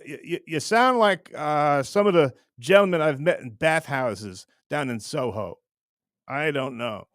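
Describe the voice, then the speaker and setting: A man's voice: medium pitch, sing-song, a little slow, long pauses, dry recording, clean studio sound. A man hosting his own online show, ranting casually to camera in a rambling, teasing way with many restarts. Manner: rambling, repeats words and restarts often, teasing.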